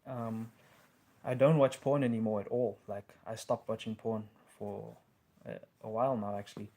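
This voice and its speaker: A man's voice: fairly low pitch, steady tone, moderate pace, dark tone. A young man hosting a casual live question-and-answer stream, laid-back, with plenty of ums and bro. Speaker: livestream host answering questions.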